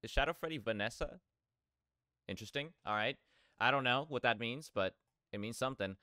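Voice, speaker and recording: A man hosting a reaction video, talking casually and excitedly, often repeating himself. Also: medium pitch, a little fast, clean tone, no room sound, studio quality.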